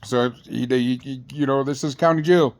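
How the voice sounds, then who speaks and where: A man's voice: medium pitch, fairly even intonation, moderate pace, darkish tone. Slangy man telling a blunt jail story. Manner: rambling, slangy and blunt, with many restarts. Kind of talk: casual storytelling.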